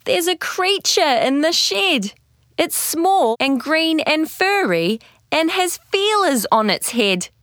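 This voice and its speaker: A woman doing an eager little boy, high and bright. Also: big pitch swings, slow pace, no room sound, clean studio sound, exaggerated voice. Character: eager helpful young boy.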